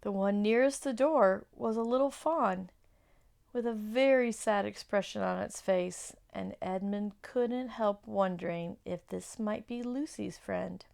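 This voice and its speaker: A woman from a church children's ministry reading a chapter book aloud to children, pausing for chatty questions and asides. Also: medium pitch, creaky, a little mellow.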